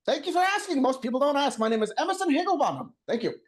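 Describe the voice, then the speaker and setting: A woman voicing a brisk, cheery old caravan conductor who checks tickets in a tabletop role-play. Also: high-pitched, big pitch swings. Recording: faint music behind.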